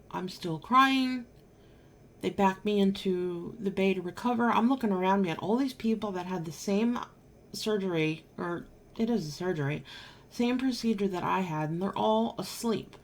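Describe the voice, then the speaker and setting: A woman's voice: mid-range voice, moderate pace. A married woman vlogger telling a personal story to camera in an emphatic, exasperated way, now and then swearing. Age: adult, married.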